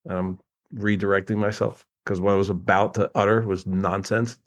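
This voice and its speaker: Animated, laughing male coach. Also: lowish voice, normal speed. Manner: animated storyteller, laughs often, mimics people. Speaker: guest coach. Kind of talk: casual podcast conversation.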